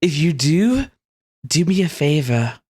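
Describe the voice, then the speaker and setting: A man voicing a sinister, mocking female villain who speaks with slow, amused menace. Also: fairly high pitch, sing-song, a little mellow, breathy edge, exaggerated voice. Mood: taunting.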